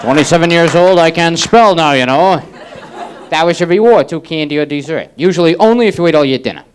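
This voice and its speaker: Wry New comic man, lively pitch. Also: clean tone, a faint crowd. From Massachusetts. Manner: wry, deadpan storytelling with quick asides. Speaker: stand-up comedian. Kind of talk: stand-up routine and talk-show chat. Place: comedy club stage with live audience. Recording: 1980s cable TV audio, audience and hiss.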